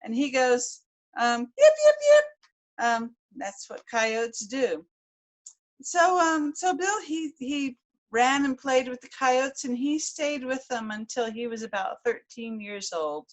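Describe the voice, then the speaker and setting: A woman's voice: high-pitched, animated, slow pace. Folksy woman telling a tall tale. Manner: folksy, with many restarts and repeated words. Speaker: storyteller. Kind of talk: live oral storytelling.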